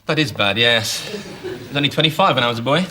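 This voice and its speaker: An actor playing a bored, self-indulgent Roman governor who brushes people off with dry quips. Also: male voice, mid-range voice, expressive, quick pace, sharp tone, slight background noise. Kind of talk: sitcom acting.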